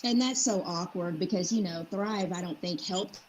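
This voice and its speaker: A woman's voice: fairly low pitch, normal speed, poor audio. A woman in casual chat who speaks hesitantly and repeats herself. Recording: loud background noise.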